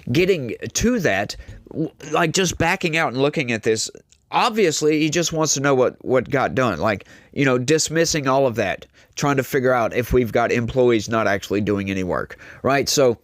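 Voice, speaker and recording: Male commentator, sarcastic and exasperated, mid-pitched voice, close dry recording. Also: no room sound. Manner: reads news excerpts aloud between remarks. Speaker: political commentator. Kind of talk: casual political commentary.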